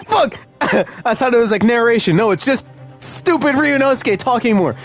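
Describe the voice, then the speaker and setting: A man's voice: very high voice, big pitch swings, a little slow, soft background music. A man chatting casually while streaming a game, jokey, self-mocking and swearing.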